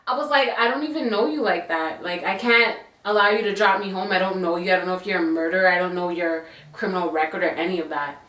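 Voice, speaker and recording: Chatty bright-voiced young woman, echoey room. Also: fairly low pitch, fast, few pauses. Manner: chatty, animated, slangy storytelling with asides. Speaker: YouTuber telling a story. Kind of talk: casual storytime.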